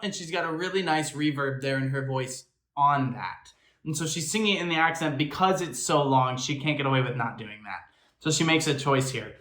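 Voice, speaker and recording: Recorded in an echoey room, a man who acts, makes films and hosts reaction videos talks a little fast in a fairly high, slightly bright voice. He picks apart singing technique enthusiastically and analytically, mimicking the singing as he goes.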